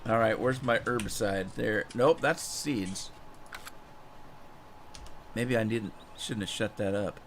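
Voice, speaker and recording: A man's voice: lowish voice, slow pace, pauses often, a little hiss or hum. A man streaming a farming game, telling a rambling anecdote with chuckles and repeated words, then greeting viewers in chat. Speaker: gaming streamer. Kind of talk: casual storytelling while gaming.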